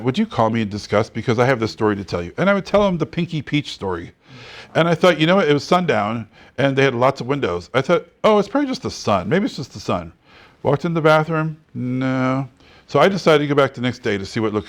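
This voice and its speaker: A man teaching a real estate class, telling stories and acting out the dialogue with frequent laughter. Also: medium pitch. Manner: animated storyteller who acts out dialogue and laughs often. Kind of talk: classroom lecture with anecdotes.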